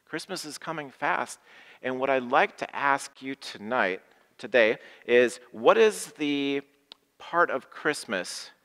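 A man's voice: mid-range voice, lively intonation, takes it slowly, fairly bright tone. A man preaching as pastor to people in the room and at home, asking them questions and leading short call-and-response prayers. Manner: leads call-and-response prayers, repeating phrases. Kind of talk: sermon to a live and online congregation. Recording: long hall reverb.

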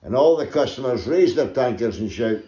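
A man's voice: medium pitch, animated, fairly quick, a crowd in the background. A Scottish man telling a comic story, laughing often as he goes. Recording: echoey room.

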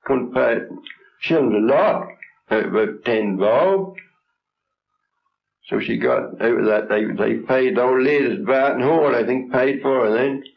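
A man in his seventies with a reminisces, blunt and plain-spoken, in short broken phrases. He talks at an unhurried, drawn-out pace. The sound is dull, like old 1960s film audio. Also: medium pitch, vocal fry. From England. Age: 70s. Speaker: traditional folk singer. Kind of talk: reminiscing in an interview.

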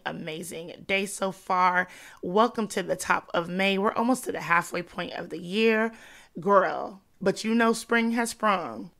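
A woman's voice: mid-range voice, creaky, a bit bright. Congested, chatty woman podcast host. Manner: chatty, calls listeners "sis" and "girl". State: congested, nasal from allergies. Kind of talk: casual faith-based podcast talk.

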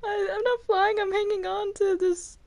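A woman voicing a hot-headed female angel prosecutor in a casual game role-play, shrill, accusing and overwrought. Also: little pitch movement, moderate pace, a little mellow.

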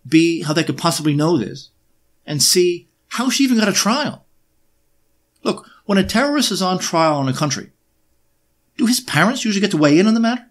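Emphatic man with sarcastic rhetorical questions. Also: on the high side. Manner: frequent hesitations with uh and um. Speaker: presenter. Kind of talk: unscripted history monologue.

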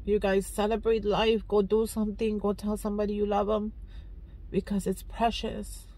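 A woman's voice: mid-range voice, flat delivery, moderate pace, dark tone. A woman vlogger talking casually and emotionally to her viewers while on her way to work. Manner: emotional, heartfelt, rambling.

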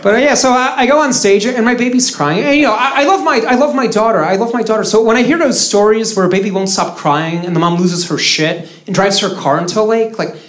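A man's voice: high voice, fast talker, few pauses, a bit bright. A man from Russia performing live stand-up comedy with a dry, sarcastic delivery. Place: stage in a live comedy venue. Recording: roomy live venue with audience noise.

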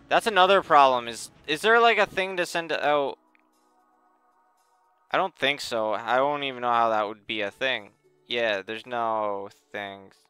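A man's voice: mid-range voice, bright, forceful tone, clear, resonant tone, dry recording. A young man giving exasperated, sarcastic let's play commentary, muttering at the game as he plays. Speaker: gaming channel host.

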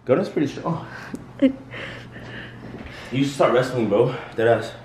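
A young man co-hosting a vlog, loud and laughing, swearing through rowdy banter. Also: mid-range voice, animated, unhurried, reverberant, a little hiss or hum. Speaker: vlog co-host.

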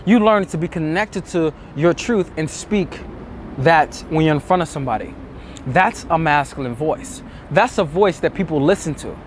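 Man, dating coach, emphatic motivational talk, higher pitched voice, outdoors in the city, faint traffic. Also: moderate pace. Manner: emphatic, acts out inner thoughts in quoted asides.

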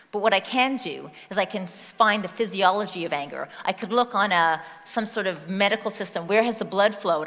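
A woman's voice: lowish voice, pushed and bright. A woman giving a motivational talk on stage, speaking conversationally and asking the audience questions. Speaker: speaker at a personal-growth conference. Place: stage in a large hall. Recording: long reverb of a large hall.

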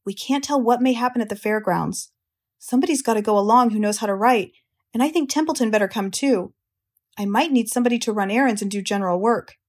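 A woman doing a soft-spoken wise spider. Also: a little high, quick pace, natural voice. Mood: calm. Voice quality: soft-spoken, calm, resolute. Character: wise gentle female barn spider.

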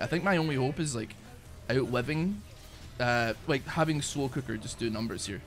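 Excitable man streaming a game. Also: mid-range voice, moderate pace. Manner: excitable, swearing, bursts of shouting and laughter. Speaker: gaming streamer. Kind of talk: casual live-stream chat over gameplay. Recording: faint music behind.

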